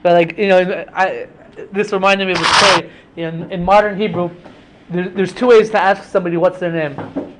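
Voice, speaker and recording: High-voiced young man explaining scripture. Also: fairly even intonation, fairly quick, noisy background. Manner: conversational explaining, mixing in Hebrew terms. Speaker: podcast host teaching Bible stories. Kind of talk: casual Torah study talk.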